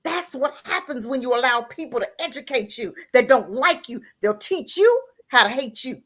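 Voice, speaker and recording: Fired-up woman caller, lively high voice. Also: moderate pace. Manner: heated and emphatic, preaching with repeated lines; breaks into laughter and raises voice to near-crying pitch. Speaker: caller on a live talk show. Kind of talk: impassioned call-in rant.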